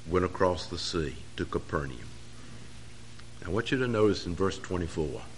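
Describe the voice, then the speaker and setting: A man preaching a sermon, pressing key phrases harder and louder as he drives each point home. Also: deep voice, a little hiss or hum.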